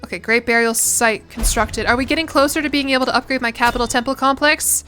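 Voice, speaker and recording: Bright chatty young woman. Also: high voice, steady tone, quick pace, few pauses, soft background music. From United States. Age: 20s. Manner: chatty and rambling, swears casually. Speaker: streamer. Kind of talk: casual chat while gaming.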